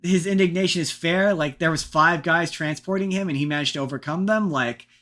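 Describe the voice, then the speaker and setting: Bright, rambling male podcast host. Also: fairly high pitch, brisk. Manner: rambling, animated, restarts often, casual swearing. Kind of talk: casual chat.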